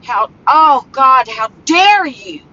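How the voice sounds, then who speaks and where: Slow, halting woman vlogging outdoors. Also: sits high, expressive, bright, forceful tone. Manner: slow, halting, emotional rants. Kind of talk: casual vlog talk. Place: walking outdoors near home. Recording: dull phone audio with faint outdoor noise.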